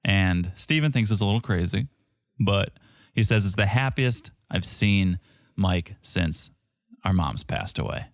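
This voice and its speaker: A man's voice: deep voice, lively intonation, a little slow, no room sound, studio quality. A man co-hosting a podcast, recapping a reality show in casual, chatty talk and laughing often. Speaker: podcast co-host.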